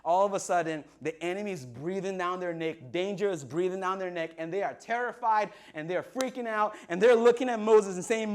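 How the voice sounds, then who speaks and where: A man's voice: high voice, brisk, hardly any pauses, darkish tone. A man preaching to an online congregation, playfully retelling scripture in modern slang and acting out the people's lines. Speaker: pastor.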